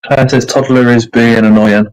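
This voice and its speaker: A man's voice: medium pitch, little pitch movement, normal speed, a little mellow, clean tone, rough recording. A man hosting a casual livestream chat, self-deprecating and reading out viewer comments. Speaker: livestream host. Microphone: streaming setup.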